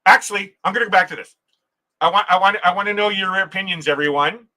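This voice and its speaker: Man, livestream host, very bright voice, a bit high, chatty, laughs easily, restarts sentences. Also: quick pace, poor audio. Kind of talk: casual live chat reading viewer comments.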